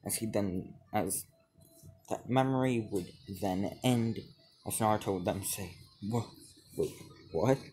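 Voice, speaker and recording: A man telling a fan-made story off the cuff, halting and restarting his sentences, stringing events together with "as". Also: fairly low pitch, a little mellow, breathy edge. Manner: halting, many restarts and repeated "as he would". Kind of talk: improvised fan-fiction narration.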